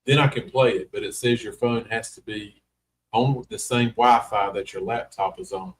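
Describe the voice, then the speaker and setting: A man's voice: lowish voice, steady tone, normal speed, poor audio. A middle-aged man, hosting a casual livestream chat in a rambling, folksy way. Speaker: host.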